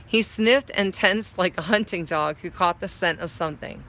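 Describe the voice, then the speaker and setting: Woman storyteller, slightly low and bright, reads aloud and explains words. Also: moderate pace. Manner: explains hard words while reading. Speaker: story reader.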